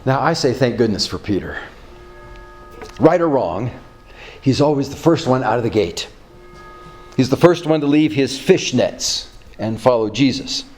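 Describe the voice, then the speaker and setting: A male pastor preaching a sermon, telling a story with chuckles and animated character voices. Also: medium pitch, a little slow, long pauses, faint music behind.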